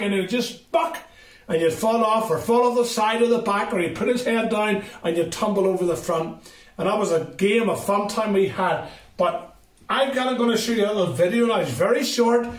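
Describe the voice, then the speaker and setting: A man who is a children's ministry speaker, giving an assembly talk and telling a story straight to the children. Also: high-pitched. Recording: roomy sound from a distant mic.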